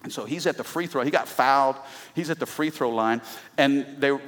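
A middle-aged pastor preaching an animated sermon, breaking into shouts and laughs. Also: male voice, mid-range voice, brisk. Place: church sanctuary. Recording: long reverb of a large hall.

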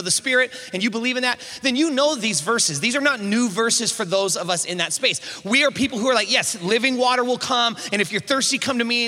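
A man preaching a sermon to a congregation, energetic, with call-and-response prompts and frequent restarts. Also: very high voice. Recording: reverberant hall sound.

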